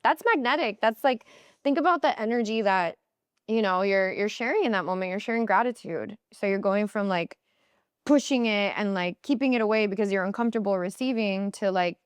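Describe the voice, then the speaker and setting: A woman guest on a podcast, telling personal stories in casual talk, often quoting herself and others in high, playful voices. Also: animated, brisk, clear, resonant tone, no echo, clean studio sound. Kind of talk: conversational interview storytelling.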